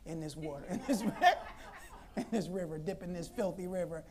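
A woman preacher voicing a mocking male devil who taunts in a low, hushed tone in a retold story. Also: moderate pace, lightly acted. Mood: taunting.

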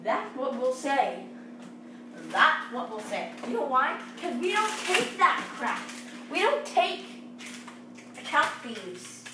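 A woman's voice: high-pitched, sing-song, takes it slowly. Bossy rambling teenage girl, noisy recording. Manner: bossy, rambling, self-correcting. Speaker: young vlogger pitching a game club. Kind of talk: rambling casual monologue.

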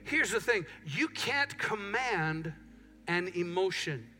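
In a church sanctuary, a middle-aged pastor preaches a sermon full of stories, acting out what people say. His voice sits high and moves slowly, with faint music behind him.

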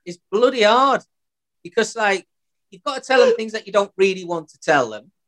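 A man's voice: high voice, animated, moderate pace, a bit bright. Easygoing man chatting. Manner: easygoing, laughs along, chatty. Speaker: podcast co-host. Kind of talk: casual chat. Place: his home.

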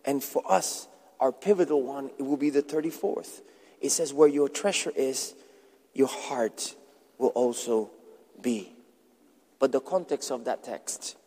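A pastor preaching a sermon emphatically, repeating words for stress. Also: male voice, mid-range voice, mellow, breathy edge. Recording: long reverb in a large hall.

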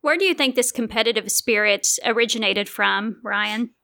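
A woman's voice: a little high, moderate pace, gravelly, pushed and bright. A woman co-hosting an improvised comedy podcast over a video call, bubbly and chatty.

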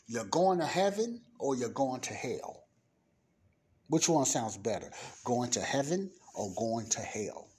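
A man teaching the Bible in an informal sermon, emphatic, slowing down to stress his points. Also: mid-range voice, big pitch swings, darkish tone, husky.

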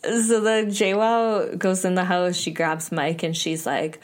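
A young adult woman hosting a casual podcast, retelling scenes with lively quoted voices. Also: unhurried, few pauses. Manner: animated retelling, quotes people in jumpy high voices. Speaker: podcast host. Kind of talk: casual recap chat.

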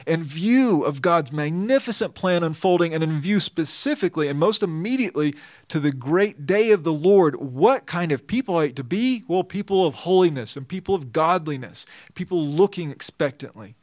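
A pastor giving an expository sermon, reading scripture and then explaining it earnestly and emphatically. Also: male voice, on the high side, animated, moderate pace, dry recording, clean studio sound.

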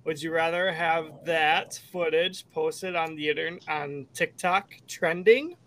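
A man's voice: on the high side, slow pace, sharp tone. A man co-hosting a podcast, playfully running a would-you-rather game. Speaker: podcast co-host, game segment host. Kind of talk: casual chat.

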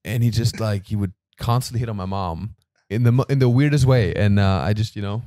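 A man's voice: fairly low pitch, brisk, warm tone, no room sound, studio quality. A man from Germany hosting a casual podcast interview, telling stories animatedly and laughing often. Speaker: podcast host.

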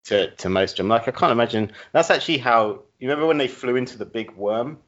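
A young man in relaxed comic chat who hesitates with frequent "um"s. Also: mid-range voice, quick pace. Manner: laid-back, hesitant, with "um"s. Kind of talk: casual comedic podcast chat. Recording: dull lo-fi audio.

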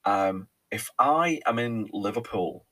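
Man, Merseyside accent, very low voice, rambling podcast chat, lots of ums. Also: animated, slow, pushed and bright. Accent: Merseyside with a faint Cheshire lilt. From Ellesmere Port, England. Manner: chatty and rambling, with frequent ums and repeated words. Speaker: podcast host. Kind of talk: casual solo podcast monologue.

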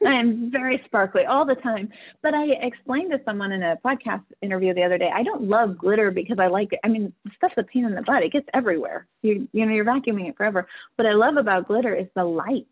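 A woman's voice: mid-range voice, quick pace, slightly rough. A woman in her forties, a podcast guest, telling a personal family story candidly, earnest and emotional, often laughing through her words. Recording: tinny phone-like line.

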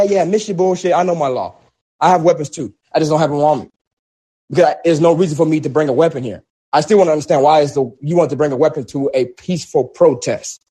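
A man with a high, husky voice recounts events in a heated, casual way. His speech is emphatic and repetitive, slangy and full of restarts. It sounds like an animated conversation. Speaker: protest organizer. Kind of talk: heated personal storytelling in a discussion.

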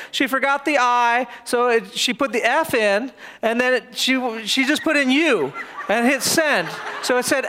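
A man preaching a sermon as pastor, telling lively, humorous stories. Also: extremely high pitch.

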